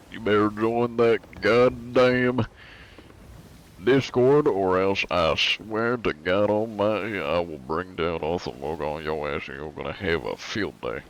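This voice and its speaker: A man doing a gruff Southern cowboy with a Southern US accent, threatening in a slow drawl. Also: fairly low pitch, lo-fi sound.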